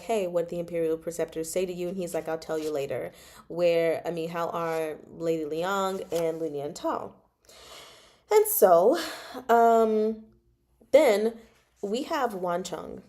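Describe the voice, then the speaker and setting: A woman's voice: lowish voice, measured pace, pauses often, mellow. A woman hosting a casual book chat, bubbly and giggly as she retells a novel's scenes. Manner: bubbly, giggly, retells dialogue in playful voices.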